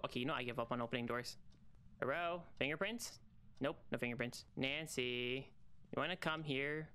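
A young man streaming a solo horror game, chatting and teasing, calling out to the ghost in a singsong and bursting into high excited shouts. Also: clean tone. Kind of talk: solo gaming livestream.

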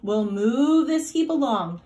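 A woman doing a slow bossy cow. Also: on the high side, expressive, mellow.

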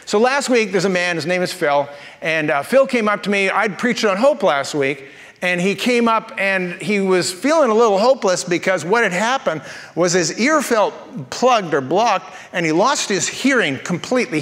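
Brief: male pastor, high voice, playful sermon storyteller, long church hall reverb. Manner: jokey, animated storyteller. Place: church auditorium.

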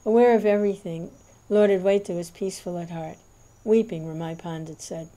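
A woman reading a devotional scripture aloud in a measured, reverent narration. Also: medium pitch, steady tone, dark tone. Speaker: reader.

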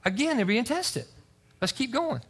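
Animated high-voiced male preacher. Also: normal speed, husky. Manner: animated preaching, reads scripture aloud with asides. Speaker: pastor. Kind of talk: sermon. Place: church service.

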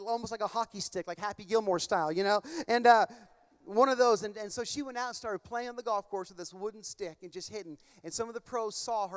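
High-voiced impassioned male preacher. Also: clean tone. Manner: impassioned, emphatic preaching with loud bursts; relaxed rambling storytelling with fillers. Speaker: pastor. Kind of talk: sermon. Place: large church.

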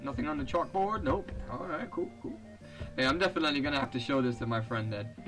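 A man's voice: medium pitch, quick pace, music in the background, rough recording. A young man giving casual, profane commentary over a video game, reading its text aloud and laughing often. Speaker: let's play host.

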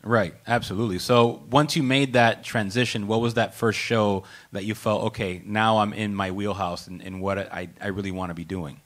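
A man's voice: on the low side, steady tone, normal speed, hardly any pauses. A man moderating a conference panel, asking questions and giving short encouraging replies. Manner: supportive, brief backchannel replies. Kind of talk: interviewing.

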